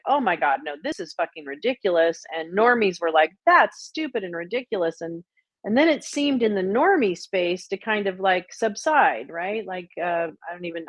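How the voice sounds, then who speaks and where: A woman hosts a casual stream, swearing freely as she tells her stories with blunt, animated energy. Her voice sits in a middle register. The audio is dull and lo-fi, dry and close. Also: mid-range voice, no room sound. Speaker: livestream host. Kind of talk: casual profane chat. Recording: muffled lo-fi audio.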